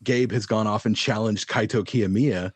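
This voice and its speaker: A man's voice: fairly low pitch, fairly even intonation, moderate pace, husky, no room sound. A man co-hosting a casual wrestling podcast, rambling with plenty of fillers and swearing. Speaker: podcast co-host.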